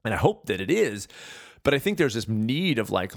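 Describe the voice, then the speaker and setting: A man in his forties from California, hosting a podcast and talking in a casual, animated, self-mocking rant. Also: fairly low pitch, a little fast, creaky, no echo, studio quality. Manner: animated, ranting, self-deprecating. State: out of breath. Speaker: podcast host. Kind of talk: casual monologue.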